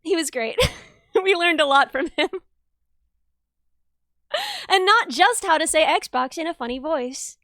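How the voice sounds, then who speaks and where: A high-pitched young woman talks casually on her live stream from her bedroom, laughing easily and answering chat as she goes. Her voice sits dry and close, with no room sound around it. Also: a little slow, pauses often, sharp tone, no room sound. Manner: giggly, chatty, reads chat aloud. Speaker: livestreamer.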